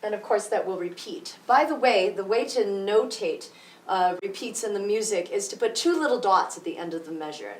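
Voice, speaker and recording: A woman music teacher explaining rhythm slowly and patiently, counting beats out loud. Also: medium pitch, expressive, distant mic. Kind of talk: rhythm tutorial with counting aloud. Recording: echoey room, voice from off mic.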